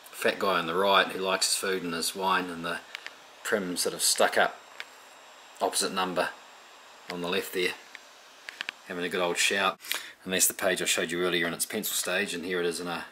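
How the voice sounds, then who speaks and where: Deep-voiced man explaining his drawings. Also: a little hiss or hum. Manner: relaxed, chatty, explanatory. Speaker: illustrator presenting his work. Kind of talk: casual tutorial talk.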